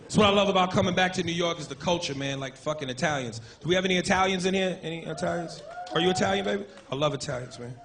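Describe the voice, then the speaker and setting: A man's voice: fairly high pitch, very fast. A man performing a stand-up comedy set in a club, with a profane, punchy, swaggering delivery. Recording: noisy live club recording.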